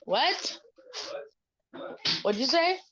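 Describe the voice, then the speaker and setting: A woman's voice: sits high, sing-song, drawn-out words, lo-fi sound, background noise. A woman livestreaming in casual chat, talking bluntly with lots of swearing and mocking remarks.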